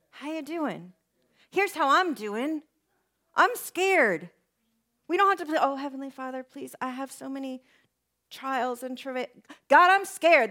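A woman with a high voice preaching in a relaxed, conversational way. She acts out the prayers she quotes and often drops to soft, hushed lines. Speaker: pastor. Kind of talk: sermon.

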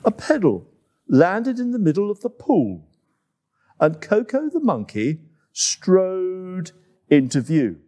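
A man reading a children's story aloud in an expressive, unhurried way as the host of a summer story time. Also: fairly high pitch.

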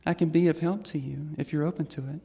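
A trans woman telling a personal story on stage to an audience in a reflective, gentle way. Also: low-pitched, fairly even intonation, quick pace, vocal fry, husky. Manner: reflective and gentle, with soft laughs. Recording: long hall reverb.

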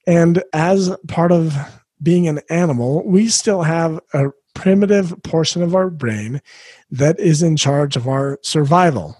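Middle-aged guy coaching parents on his podcast, earnest and reflective, slightly higher voice, kinda husky. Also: a little mellow, dry recording. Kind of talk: solo podcast talk.

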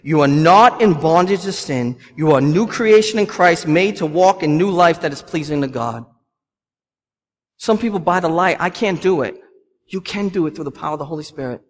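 A man's voice: a little high, expressive, a little fast. A man, preaching a sermon with passion and repeating lines for emphasis. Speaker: pastor. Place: church. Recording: long hall reverb.

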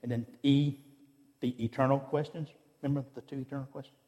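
Man, preacher, mid pitch, storytelling sermon, acts out dialogue, reverberant church hall. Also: level tone, fairly quick, warm tone. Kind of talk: sermon with personal stories.

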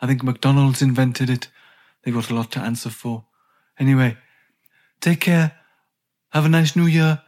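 Guy putting on a chatty old rocker, rambling and dryly grumbly, mid-pitched. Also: steady tone, moderate pace, long pauses, darkish tone, close to an everyday voice. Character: plain-spoken retired male rock guitarist. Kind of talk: comic recorded message.

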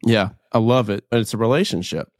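A man's voice: lowish voice, a little fast, dry recording, studio quality. A man hosting a podcast in an easygoing, enthusiastic way, full of casual slang. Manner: enthusiastic, slangy, says "dude" a lot. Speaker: podcast host.

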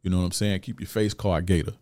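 A Florida man in his thirties hosts a show giving life advice to men, delivered as a casual ranting monologue. His voice is low, fast, a little mellow and fairly even in intonation, with no echo, and he rants bluntly in profane street slang.

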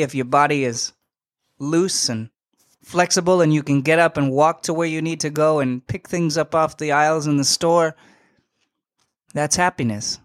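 A young man hosting a podcast, telling a story in a casual, animated and slangy way, emphatic and full of asides. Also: a little high, no echo, clean studio sound. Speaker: podcast host.

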